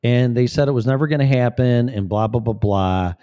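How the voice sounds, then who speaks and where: A man's voice: mid-range voice, brisk, warm tone, clean tone, highs cut off. A man giving profane, rambling, blunt commentary as a vlogger. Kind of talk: casual commentary.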